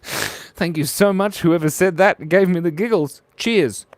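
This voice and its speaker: Australian man, live drawing host, giggly banter, bright high-ish voice. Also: animated, normal speed, no room sound. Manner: playful and giggly, joking with viewers. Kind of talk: casual live drawing chat.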